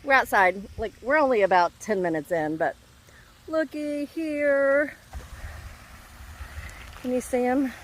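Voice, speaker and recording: A woman's voice: medium pitch, expressive, brisk, few pauses. A woman chatting casually to her phone camera, rambling with many ums, talking at home and later outdoors on a walk. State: a little out of breath. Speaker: vlogger. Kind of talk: casual vlog chat. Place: home indoors, then outdoors on a run. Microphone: handheld phone.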